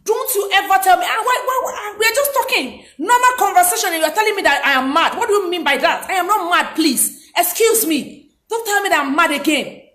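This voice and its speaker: A woman acting out an indignant woman who protests loudly at being called mad, speaking. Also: expressive, a little fast. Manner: shrill, repetitive protesting. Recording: roomy echo.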